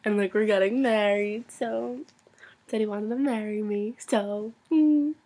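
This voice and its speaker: A young woman telling an excited story for her vlog, gushing and full of "like," sometimes dropping to a whisper. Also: mid-range voice, unhurried. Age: young adult. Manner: gushing, breathless, constant "like" filler; swings between loud excitement and hushed whispers. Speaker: vlogger.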